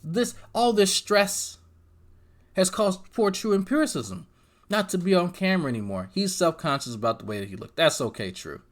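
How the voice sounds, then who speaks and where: A man's voice: high voice, lively intonation, moderate pace. A man from New Jersey giving a crude, sarcastic commentary monologue as a YouTube host.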